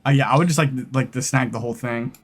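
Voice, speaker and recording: A man's voice: medium pitch, quick pace, faint music behind. A man playing in a tabletop game, describing his sneaky moves with stammers and restarts. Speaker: player. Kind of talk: casual chat in a tabletop game.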